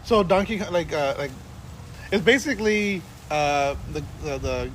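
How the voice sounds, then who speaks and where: A man's voice: a little high, animated, measured pace, fairly bright tone, a little hiss or hum. A man co-hosting a gaming podcast in casual chat, rambling with restarts and swearing freely. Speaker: podcast co-host.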